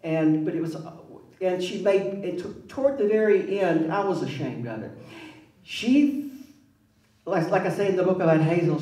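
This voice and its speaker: Wry man telling stories. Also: on the high side. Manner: wry, animated, acts out voices in his stories. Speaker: author speaking at a public event. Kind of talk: personal storytelling. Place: museum event space. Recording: roomy hall, mic at a distance.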